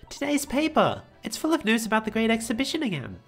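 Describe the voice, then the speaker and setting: A man's voice: very high-pitched, a bit bright, slightly rough, pitched above the performer's own voice, full character voice. A man voicing a perky, bossy young girl with a put-on British accent, read from a video game.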